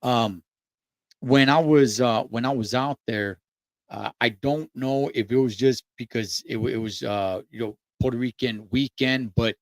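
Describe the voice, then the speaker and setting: A man's voice: medium pitch, unhurried, no room sound. Laid-back man with mid-range voice. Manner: laid-back, curious, slangy. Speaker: host. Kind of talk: casual conversation.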